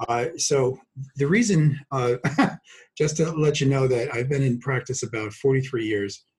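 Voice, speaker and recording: A man in his sixties from Brooklyn, a doctor talking as a podcast guest, halting with fillers and restarts and fond of jokes. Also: mid-range voice, breathy edge, rough recording. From Brooklyn, New York. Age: 60s. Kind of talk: podcast interview.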